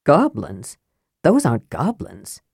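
A blunt, grumbling young warrior with a plain, casual way of talking, as a woman voices him. The voice is low and unpolished, set in a dry, close audiobook recording. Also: wildly swooping pitch, takes it slowly, gravelly, a little mellow, slightly rough, no echo, heavily acted. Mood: gruff. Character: gruff, worried big young warrior.

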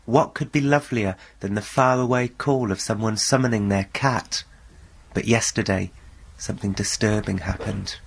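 A man presenting a radio programme, telling a first-person story in a dry, deadpan way. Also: fairly low pitch, moderate pace, creaky, slight background noise.

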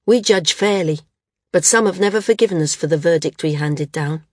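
Lady doing a grave older judge man, measured, lowish voice. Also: no echo, studio quality. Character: grey-haired middle-aged male judge, grave.

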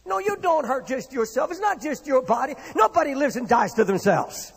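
A man's voice: extremely high pitch, very animated, normal speed, vocal fry, breathy edge. A man preaching a sermon with impassioned, rising and falling delivery, in a church hall. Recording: long reverb of a hall.

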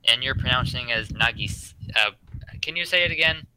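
A young man chatting casually with friends, halting and restarting his phrases. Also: mid-range voice. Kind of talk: casual podcast chat. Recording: noisy with clicks.

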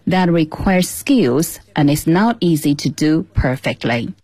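A woman speaking a voice-over of an interview, explaining things slowly and carefully. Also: sits low, lively intonation, mellow, breathy edge, dry recording.

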